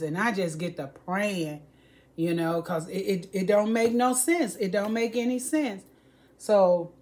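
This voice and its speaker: Older woman, slow and pleading, preachy home vlogger warning her viewers. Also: medium pitch. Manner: pleading, preachy, repeats herself, acts out voices.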